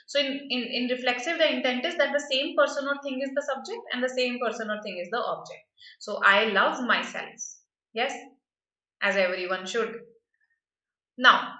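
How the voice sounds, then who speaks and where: A woman's voice: on the high side, sharp tone, reverberant, poor audio. A woman teaching a grammar lesson for exam prep, explaining patiently and often checking with "right?".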